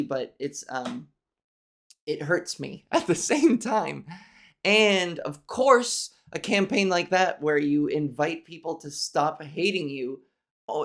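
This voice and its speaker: A woman hosting a solo podcast, talking frankly with a nasal voice and plenty of swearing, consciously lifting her voice higher and forward as she talks. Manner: frank, profane, venting with restarts. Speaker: podcast host. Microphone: camera mic angled up from below.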